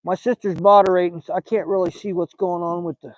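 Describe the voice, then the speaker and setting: A man's voice: high-pitched, steady tone, quick pace, highs cut off. An older man with a Southern accent, hosting a live fishing stream from a boat and chatting in a rambling, folksy way. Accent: Southern American. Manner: rambling, folksy, talks to fish and viewers. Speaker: fishing channel host. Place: small boat on a lake, outdoors. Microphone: phone.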